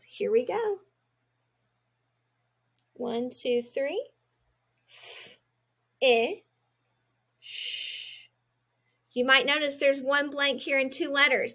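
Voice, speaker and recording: A woman teaching a children's phonics lesson, sounding out each word clearly and encouragingly. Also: a little high, a bit bright.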